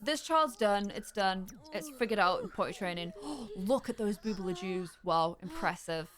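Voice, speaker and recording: A young woman chatting casually while playing a game, rambling with fillers and breaking into high excited squeals. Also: moderate pace. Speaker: gameplay streamer. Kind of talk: casual chat over gameplay. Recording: faint music in background.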